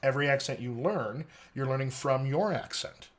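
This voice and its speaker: A man's voice: mid-range voice, moderate pace. An American man, an accent coach, explaining his teaching method methodically in an interview. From United States. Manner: articulate, methodical, lecturing.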